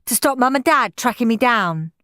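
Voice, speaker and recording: A woman's voice: on the high side, animated, moderate pace, sharp tone, dry recording, studio quality, voice pushed up. A woman doing a bratty, scheming schoolboy. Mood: defiant. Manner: fierce, sneering, cheeky.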